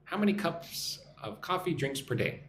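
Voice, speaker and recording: A man's voice: medium pitch, very animated, normal speed, fairly bright tone. An American man teaching English on a live stream, chatting and reading viewer comments aloud. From United States. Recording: echoey room with faint background noise.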